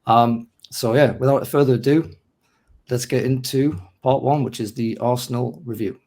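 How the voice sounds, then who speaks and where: A hoarse man with a mixed North East English accent hosts a casual football podcast. His voice sits mellow and dark, with a rough throat. He chats in a self-mocking way and reads through lists steadily. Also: mid-range voice, steady tone, normal speed, slight background noise. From North East England. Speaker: podcast host.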